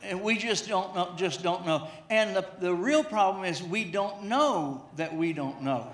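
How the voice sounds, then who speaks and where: A man's voice: high voice, a little slow. A middle-aged man preaching a sermon, telling a humorous personal story, often repeating his words as he goes. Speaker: pastor. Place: church sanctuary. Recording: echoey church hall.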